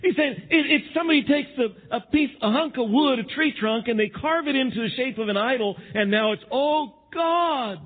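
A man's voice: very high voice, a little fast, hardly any pauses, husky, narrow, tinny audio. A man preaching a sermon to his congregation, acting out the voices of others as he talks. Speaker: pastor.

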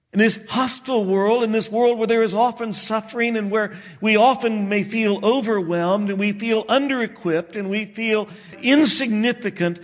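A man preaching a sermon, expressive and slowing down for emphasis. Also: high-pitched. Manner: expressive preaching, acts out disciples' voices, slows for emphasis. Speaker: pastor.

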